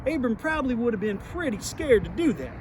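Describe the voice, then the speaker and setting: A man's voice: very high-pitched, big pitch swings, fairly quick. A man, telling a playful, folksy Bible lesson for children outdoors. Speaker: children's Bible teacher in character. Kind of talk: folksy kids' devotional. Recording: outdoor clip with traffic noise.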